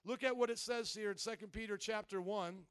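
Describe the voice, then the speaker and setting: High-voiced man preaching with fiery swings. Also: a little fast, clear, resonant tone, dry recording. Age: adult, married. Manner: animated preaching, swings into shouting and mock voices. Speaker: pastor. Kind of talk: sermon.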